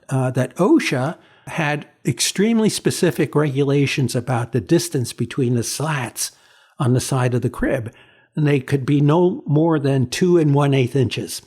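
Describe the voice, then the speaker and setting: A man in his sixties, a photographer being interviewed, telling stories in a halting way with many repeats and fillers. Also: mid-range voice, darkish tone. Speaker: photographer, guest. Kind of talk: reflective storytelling in an interview.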